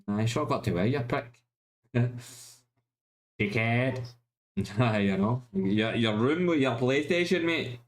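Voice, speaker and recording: A relaxed Glaswegian man talking loosely with his mates on a live stream. His voice sits at an ordinary pitch, and his chat is easygoing and peppered with swearing. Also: takes it slowly, pauses often. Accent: Glaswegian Scottish. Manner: laid-back, swears often, says mate a lot. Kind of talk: casual chat with friends.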